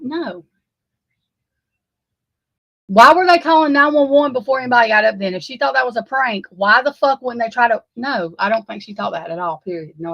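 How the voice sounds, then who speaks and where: A woman's voice: a little high, vocal fry, fairly bright tone, no room sound, lo-fi sound. A woman giving unscripted true crime commentary, heated and emphatic, swearing freely and repeating herself. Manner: heated, profane, emphatic and repetitive.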